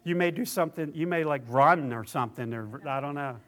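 A man preaching a personal testimony sermon, tearful and halting, restarting his phrases often. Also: a little high, fairly bright tone.

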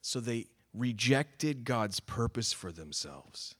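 A man preaching a sermon, earnest, swinging from emphatic calls to quiet, sober remarks. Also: mid-range voice, animated, slow pace. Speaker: pastor.

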